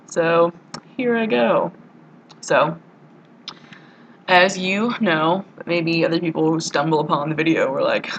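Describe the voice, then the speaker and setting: A woman's voice: low-pitched, fairly even intonation, normal speed, slight background noise, rough recording. Giggly young woman rambling on camera. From United States. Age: young adult. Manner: chatty, giggly, rambling with many likes. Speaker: vlogger. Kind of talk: casual video diary to a friend.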